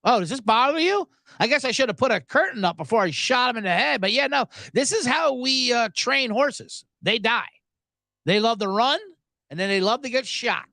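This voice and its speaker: A man putting on the voice of a callous male horse stable hand who talks in a flat, matter-of-fact, dismissive way. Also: very high-pitched, moderate pace, gravelly, no room sound, studio quality, voice pushed up, full character voice. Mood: deadpan.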